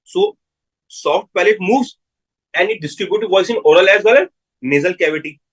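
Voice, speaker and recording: A man's voice: high voice, lively intonation, moderate pace, breathy edge, rough recording. A man with an Indian English accent giving a live medical lecture, repeating key terms and putting questions to his students.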